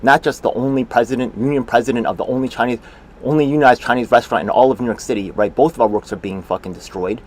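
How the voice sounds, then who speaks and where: A man's voice: medium pitch, fairly even intonation, fast talker, a little mellow. A man giving profane, sarcastic running commentary on a livestream, scoffing at what he watches. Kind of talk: profane running commentary over a video call.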